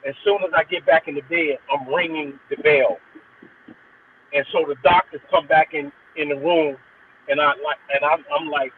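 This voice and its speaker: Middle-aged guy telling his story over a tinny phone line, kinda high voice, keeps restarting. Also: fairly even intonation, moderate pace, slight background noise. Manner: earnest, rambling with frequent restarts. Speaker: guest DJ. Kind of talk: personal storytelling in an interview.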